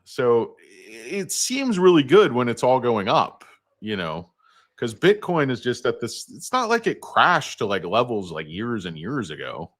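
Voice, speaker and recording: A man's voice: medium pitch, sing-song, unhurried, a bit bright. A man hosting a casual stock market livestream, rambling between topics with crude jokes. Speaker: stock market show host.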